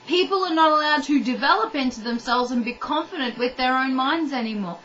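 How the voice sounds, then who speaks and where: A woman's voice: high-pitched, lively intonation, brisk, hardly any pauses, fairly bright tone, muffled recording, slight background noise. A woman ranting to the camera in a blunt, heated way, swearing and talking straight to the viewer. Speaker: vlogger. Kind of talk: ranting monologue.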